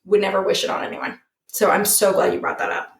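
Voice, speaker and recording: A woman's voice: mid-range voice, flat delivery, fast talker. A young woman hosting a podcast, heartfelt and chatty, filling her speech with "like". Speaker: podcast host. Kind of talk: casual conversational podcast. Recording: echoey room.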